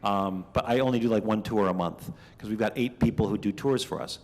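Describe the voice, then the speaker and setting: A middle-aged man from Minnesota giving a conversational keynote speech, telling stories with lively asides. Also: on the low side, fairly quick. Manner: chatty, animated storytelling with asides. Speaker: keynote speaker. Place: banquet hall. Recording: reverberant banquet hall.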